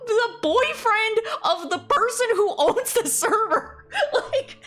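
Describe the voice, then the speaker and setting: A woman's voice: extremely high pitch, lively intonation, takes it slowly, a bit bright. A woman streamer chatting casually, ranting animatedly, laughing often and swearing freely.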